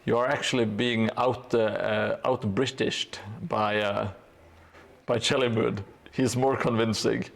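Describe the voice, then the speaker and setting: Man, live-stream crafting chat, slow-spoken, gravelly, hesitant with lots of fillers, dry humor. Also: mid-range voice, steady tone. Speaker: live streamer building a tabletop gaming board. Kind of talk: casual live-stream chat while painting.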